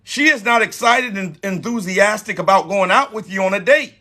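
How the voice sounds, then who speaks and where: A man's voice: high-pitched, normal speed, pushed and bright. A man in his forties hosting a live dating-advice talk, emphatic and repeating his key points. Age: 40s. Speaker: host.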